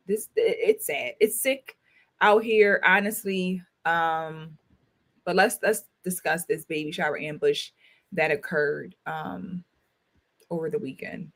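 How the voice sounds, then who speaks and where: Her lowish voice is slow and a touch bright as this thirty-something woman, who works as a talk show host and school counselor, leads a casual livestream. She speaks emphatically to viewers and keeps repeating her phrases.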